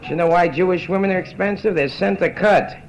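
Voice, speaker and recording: A fast-talking middle-aged woman with a lowish voice does bawdy, brassy, boozy stand-up in a nightclub, teasing the audience between jokes. This vintage live club record, complete with live band, is very noisy.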